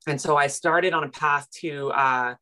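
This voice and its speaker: A low-voiced woman from Canada in her thirties chats as a personal finance coach. She tells her stories in an animated, self-deprecating way, jumping up in pitch when she acts out what others said. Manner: animated, self-deprecating, quick retellings with big pitch jumps in quoted moments. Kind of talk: casual interview storytelling.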